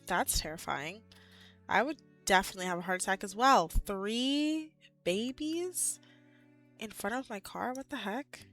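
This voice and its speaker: A young woman in her twenties chatting casually with her live chat as a streamer, animated and full of "like"s and laughs, a bit out of breath. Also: medium pitch, a little slow, soft background music.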